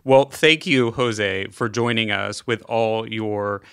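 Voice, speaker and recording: A man hosting a podcast interview, polite, reading the closing announcements smoothly. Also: lowish voice, takes it slowly, a bit bright. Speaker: podcast host. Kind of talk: interview and scripted outro.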